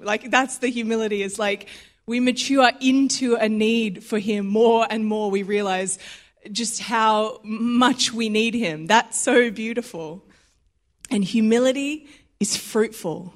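A woman's voice: fairly high pitch, unhurried, fairly bright tone. A young Australian woman giving a sermon in a chatty, conversational way, acting out little quoted voices and laughing easily. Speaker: preacher.

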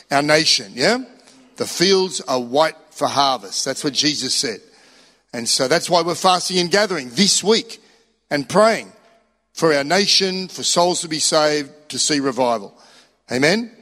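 A middle-aged Australian man preaching in a somewhat high voice, telling stories in a chatty, emphatic way. His voice rings out with a long reverb, as in a church hall. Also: bright, forceful tone. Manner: chatty storytelling, emphatic rises. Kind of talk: sermon.

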